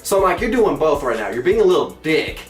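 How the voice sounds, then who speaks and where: Young dude ranting a funny story, highish voice, echoey room, mic kinda far off. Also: male voice, fast talker, faint music behind. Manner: animated, breaks into squeaky exclamations and mock singing. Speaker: comedic storyteller host. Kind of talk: comedic storytelling vlog.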